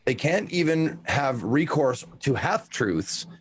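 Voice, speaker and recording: A man's voice: medium pitch, sing-song, takes it slowly, very noisy. Man player explaining a spell. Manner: explanatory, reads rules aloud. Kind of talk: explaining a spell in a tabletop game.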